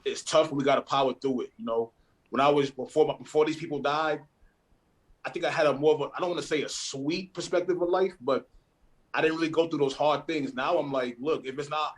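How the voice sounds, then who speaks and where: A young man speaking as a guest in a personal conversation, halting and searching for words, with casual slang. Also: fairly high pitch, steady tone.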